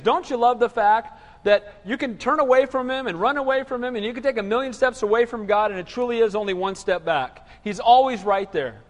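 A man preaching a sermon in an animated call-and-response manner. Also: extremely high pitch. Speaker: pastor. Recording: reverberant hall.

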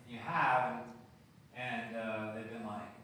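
Male pastor, chatty sermon delivery, bright tone, distant roomy mic. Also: medium pitch, steady tone, unhurried, a little hiss or hum. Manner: conversational, asks the room questions. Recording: echoey hall from far off.

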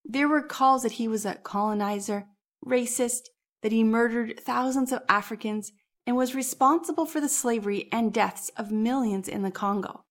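A woman hosting a church history podcast, narrating from a script in a measured, explanatory way. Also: a little high. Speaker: podcast host.

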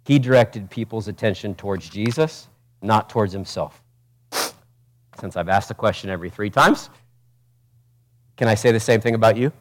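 A man, a pastor, preaching a passionate sermon, swinging from loud urgent peaks to quiet intimate asides and asking the congregation direct questions. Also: lowish voice, moderate pace, pauses often, a little hiss or hum. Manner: preaches with rhetorical questions and acted quotes.

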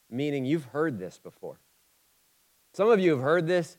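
A man of about forty from Ohio preaching a sermon. He moves between loud, urgent emphasis and quiet, intimate asides, with a conversational, humorous touch. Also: fairly high pitch, big pitch swings, normal speed, long pauses, low-quality recording. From Ohio, USA. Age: 40s. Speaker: pastor.

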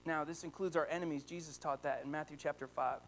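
A man in his thirties preaching a sermon, telling animated personal stories about his father and rising to excited outbursts. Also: a little high, fast, slight background noise. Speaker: pastor.

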